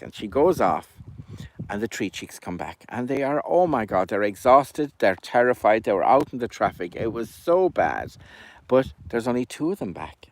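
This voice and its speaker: A man's voice: mid-range voice, sing-song, normal speed, slight background noise. Chatty man telling a puppet story. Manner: chatty, rambling.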